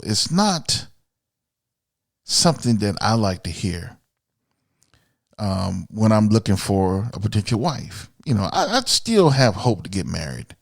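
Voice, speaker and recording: Recorded clean in a studio with no echo, a podcast host from Miami, USA, speaks in a lowish voice with vocal fry. He goes on a blunt, profane, opinionated rant, talking alone.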